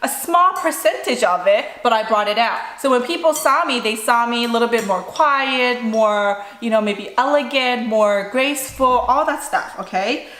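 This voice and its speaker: Mukbang mom, playful and joking, slightly high, recorded in an echoey kitchen. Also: female voice, moderate pace, few pauses. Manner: animated, playful and self-mocking. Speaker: mukbang vlogger, mother. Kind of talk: casual chat while eating. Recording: echoey room with faint dish clatter.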